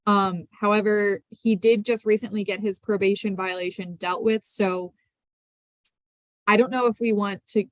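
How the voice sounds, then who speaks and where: A woman's voice: mid-range voice, steady tone, normal speed, no echo. A woman from the northern US lays out a confusing case in court. She is hesitant and careful, with many fillers. The sound is dry and close.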